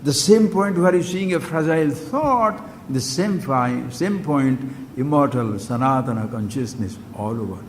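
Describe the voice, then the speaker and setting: A man's voice: expressive, moderate pace. A man giving a spiritual discourse as a teacher, speaking emphatically and putting questions straight to his listeners. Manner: emphatic, questions listeners directly, wide swings in pitch and loudness. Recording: long hall reverb with faint background hiss.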